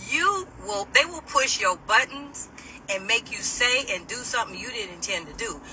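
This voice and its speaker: A woman vents in an animated, indignant monologue, swearing freely as she drives. Her voice is piercing and forceful. She sits a little back from the phone, with a faint hum of the road underneath. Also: a little high. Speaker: vlogger. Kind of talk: casual venting monologue. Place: in a moving car. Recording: distant mic, faint road noise.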